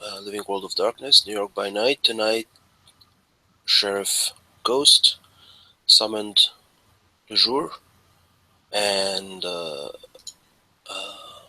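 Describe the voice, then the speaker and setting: A man playing in a tabletop role-playing game, halting and full of fillers. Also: lowish voice, sharp tone, no room sound, rough recording. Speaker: player.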